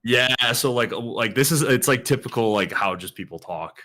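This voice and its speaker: A man's voice: mid-range voice, expressive, moderate pace, pushed and bright. A man with a Canadian accent co-hosting a live stream, laid-back and slangy, swearing and laughing. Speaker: guest co-host. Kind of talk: casual live-stream chat.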